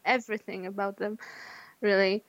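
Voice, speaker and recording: A woman's voice: medium pitch, flat delivery, moderate pace, a bit bright, dry recording, highs cut off. A woman co-hosting a podcast in casual chat, hesitant, often restarting and searching for words. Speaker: podcast co-host.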